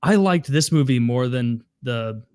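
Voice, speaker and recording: A man's voice: mid-range voice, unhurried, no echo, studio quality. A man co-hosting a podcast, chatting casually about a film and acting out scenes with laughter. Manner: animated storyteller, acts out scenes with laughs. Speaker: podcast co-host. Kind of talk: casual movie review chat.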